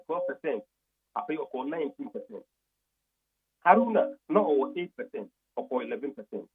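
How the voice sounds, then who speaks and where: A man's voice: mid-range voice, phone-quality sound. A Ghanaian man on a radio talk show, methodically reading out a long list of poll figures and explaining the results. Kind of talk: radio talk, switching between English and Twi.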